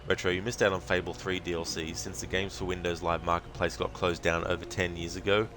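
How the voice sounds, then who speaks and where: Australian man, streamer, low voice, relaxed chatty commentary, many fillers, faint background noise. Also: a little fast. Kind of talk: casual gaming commentary.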